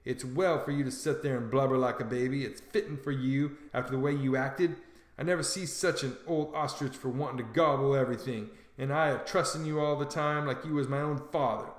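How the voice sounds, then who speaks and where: A man voicing a sharp-tongued, scornful male swindler who calls himself a duke, in a storybook reading. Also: mid-range voice, steady tone, echoey room, natural voice. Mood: furious. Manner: scornful, brisk, sarcastic.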